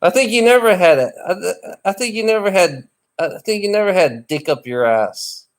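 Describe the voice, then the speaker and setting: A man's voice: high-pitched, lively intonation, normal speed. A man chatting casually in a rambling, teasing way, often restarting and repeating his phrases. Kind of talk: casual chat.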